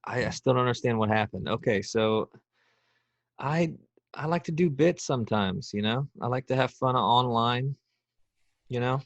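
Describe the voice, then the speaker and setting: A man's voice: medium pitch, moderate pace, dry recording, muffled recording. A man as a podcast guest in casual chat, joking and rambling with lots of restarts.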